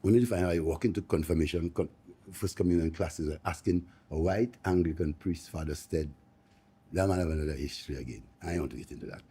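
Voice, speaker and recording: A man, speaking up from the audience of a panel discussion, impassioned and halting, repeating words as he goes. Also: sits low, warm tone, breathy edge. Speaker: live audience member.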